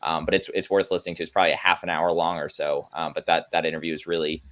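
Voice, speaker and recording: A man with a deep, low-pitched voice speaks as a guest journalist. His tone is earnest and he explains things plainly in a conversational interview. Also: little pitch movement, racing, a bit bright.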